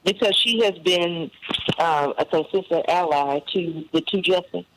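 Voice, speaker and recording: Slow, emphatic radio guest, man. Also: high-pitched, noisy background. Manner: emphatic, agreeing readily, slow and deliberate. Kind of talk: casual talk radio discussion.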